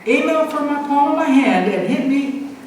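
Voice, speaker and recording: A woman's voice: high-pitched, lively intonation, normal speed, a little mellow, very echoey, in a large hall, distant mic, a little hiss or hum, pitched above the performer's own voice. An older woman doing a patient uncle coaching a child.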